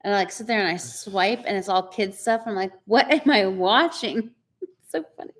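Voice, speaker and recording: A woman's voice: mid-range voice, fairly even intonation, brisk. A woman, chatting casually on a live stream, greeting viewers by name and laughing often. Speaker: co-host of a live chat stream.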